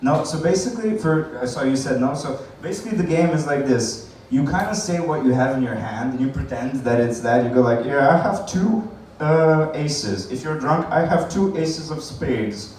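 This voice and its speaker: A man's voice: mid-range voice, expressive, moderate pace, hardly any pauses, a little mellow. A man doing a stand-up comedy set at an open mic night, rambling, swearing and laughing at his own jokes. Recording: echoey room from far off, faint noise.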